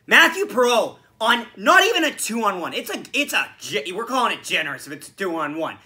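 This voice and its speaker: A man hosts a solo sports podcast and vents over a bad loss, sarcastic and full of swearing. His voice has a very bright, piercing edge. He sounds a touch hoarse from screaming. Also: high-pitched, moderate pace, slight background noise. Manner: animated, swearing, frustrated, sarcastic. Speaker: podcast host. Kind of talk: solo sports reaction rant.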